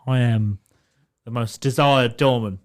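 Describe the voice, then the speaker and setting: A man's voice: medium pitch, a little slow, very noisy. A man, a nightclub doorman, chatting casually on a podcast, swearing and laughing as he tells stories. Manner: swearing, laughing, animated storyteller.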